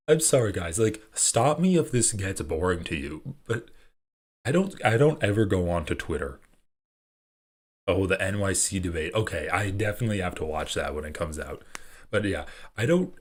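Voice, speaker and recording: A man live-streaming his reactions to online clips, sarcastic and profane, often laughing as he talks. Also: low voice. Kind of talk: casual live-stream commentary.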